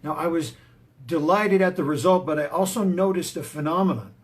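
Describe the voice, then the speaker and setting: Brisk and a little high, the voice belongs to a martial arts teacher turned motivational speaker, delivering a punchy, emphatic talk on confidence built around his own stories.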